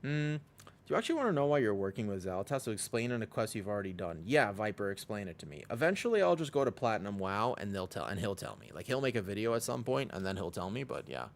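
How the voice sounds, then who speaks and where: A man's voice: fairly low pitch, sing-song, fast talker, gravelly. A man streaming a game, chatting casually with viewers in a rambling way. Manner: rambling, lots of "like" fillers. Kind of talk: casual livestream chat.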